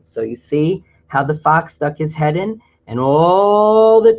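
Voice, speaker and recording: Slow storybook reader explaining pictures. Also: mid-range voice, lively intonation, a little mellow, dull audio. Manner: pauses to explain pictures in a chatty aside. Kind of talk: reading a picture book aloud.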